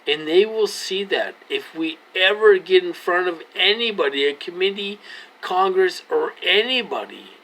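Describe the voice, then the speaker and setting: A man's voice: sits high, lively intonation, normal speed, fairly bright tone, low-quality recording. A man in his forties talking straight to his viewers, earnest and pleading, circling back to the same points over and over. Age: 40s. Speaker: vlogger. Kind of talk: casual direct-to-camera talk.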